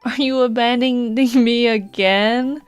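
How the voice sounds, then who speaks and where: A woman's voice: on the high side, fairly even intonation, measured pace, clean tone, no room sound, faint music behind, voice pushed up, lightly acted. Woman putting on a sly talking kitten. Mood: sulky. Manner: teasing, tacks on a meow.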